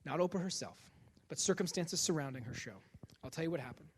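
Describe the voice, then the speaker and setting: A man giving a comedic university lecture about his own work, animated and jokey, acting out the voices he quotes. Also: a little high, fast talker, a little hiss or hum. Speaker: guest lecturer and author.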